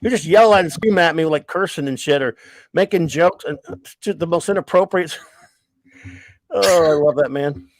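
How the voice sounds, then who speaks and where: A middle-aged man hosts a casual livestream chat, spinning long, rambling stories full of profanity. His voice sits fairly high, his speed is normal, he takes long pauses, and there's no echo.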